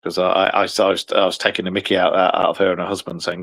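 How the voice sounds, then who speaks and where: A man's voice: low-pitched, flat delivery, very fast, fairly bright tone. A man with an English accent hosting a podcast, chatting casually, rambling and swearing freely. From England. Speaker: podcast host. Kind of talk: casual chat.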